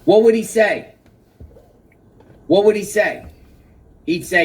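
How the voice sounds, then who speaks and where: A man's voice: high-pitched, slow pace, a little mellow, husky, distant mic, poor audio. A man giving emphatic live reaction commentary outdoors, exclaiming and repeating his key points.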